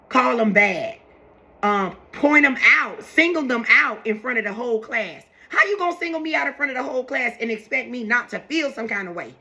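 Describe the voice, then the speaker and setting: A woman's voice: on the high side, pushed and bright. A young woman, chatting casually and animatedly to her viewers, repeating herself as she makes her points. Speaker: vlogger talking to her viewers. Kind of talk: casual live chat to camera.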